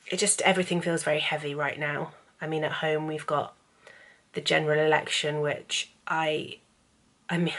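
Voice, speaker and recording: A woman in her thirties with a low voice, chatting to camera in a casual vlog. She talks candidly and drifts from topic to topic, her voice emotional and close to tears. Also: a bit bright. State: tearful, emotional. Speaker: vlogger and author. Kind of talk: casual talking-head vlog.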